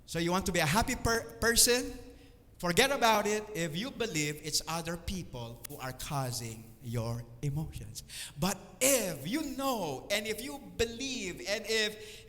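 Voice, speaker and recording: High, bright-voiced preacher in a reverberant church hall. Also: male voice, lively intonation, normal speed. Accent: Filipino. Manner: earnest, teacherly, checks in with "okay?" and "right?"; acts out everyday complaints in quoted voices. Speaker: speaker at a church service. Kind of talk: sermon.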